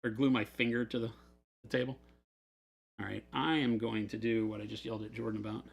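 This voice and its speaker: A man's voice: fairly low pitch, level tone, a little fast, gravelly, husky. A man hosting a hobby store livestream, chatting and rambling through stories while he builds models in his office. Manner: chatty, rambling storyteller who laughs often. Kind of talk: casual live chat while building models.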